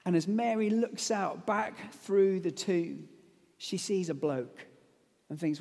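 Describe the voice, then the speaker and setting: A man preaching a lively, conversational sermon that retells a story, with casual asides. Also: high voice, measured pace, vocal fry, slightly rough. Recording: long hall reverb.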